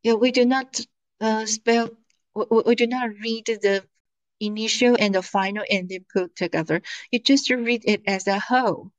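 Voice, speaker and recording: A woman's voice: on the high side, fairly even intonation, moderate pace, rough recording. A woman teaching an online lesson in English, patient, stretching out syllables as she models them over a video call. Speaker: Mandarin teacher.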